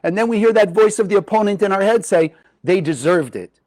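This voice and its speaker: High-voiced man teaching Kabbalah. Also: fast. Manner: animated, asks the audience questions. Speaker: spiritual teacher. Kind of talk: Kabbalah teaching talk to a live group.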